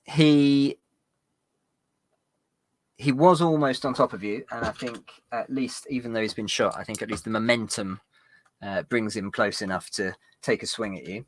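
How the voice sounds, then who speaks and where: A man's voice: mid-range voice, moderate pace. A man narrating as game master of a tabletop game, rambling with fillers and restarts.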